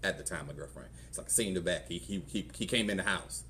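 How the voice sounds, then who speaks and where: A middle-aged Southern US pastor recounts his personal testimony in church, conversationally performing the different voices in his story. His deep voice is fast, creaky, pushed, and bright, with slight background noise.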